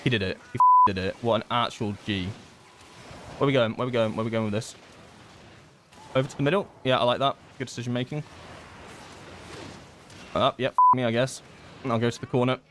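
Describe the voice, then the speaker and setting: A man giving live gameplay commentary, thinking aloud and excitedly pleading with his teammates. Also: medium pitch, a little fast, long pauses, heavy background noise. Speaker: gaming content creator.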